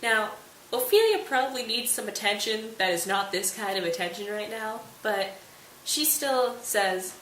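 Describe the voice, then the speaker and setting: A woman's voice: mid-range voice, expressive, moderate pace, a bit bright. A young woman casually summarizing a play for students in a chatty, playful, informal way. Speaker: host of a literature study channel. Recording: echoey room, distant mic, faint hiss.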